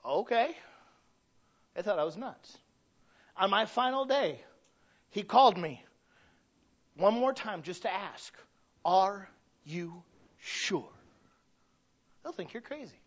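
A middle-aged Midwestern man preaching in a high voice. He talks to the congregation conversationally, dropping to quiet asides and then rising to loud, emphatic peaks. The recording sounds dull and lo-fi. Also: lively intonation, normal speed, long pauses. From Michigan. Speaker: pastor. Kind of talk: sermon.

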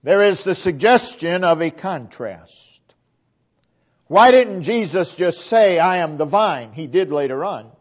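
A man preaching at a slow, unhurried pace, his voice swelling on key phrases and sinking to a near-hush as each line closes. His voice sits fairly high for a man. The recording is dull and lo-fi. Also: animated. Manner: dynamic preaching, swelling emphasis then dropping to hushed line endings. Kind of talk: sermon.

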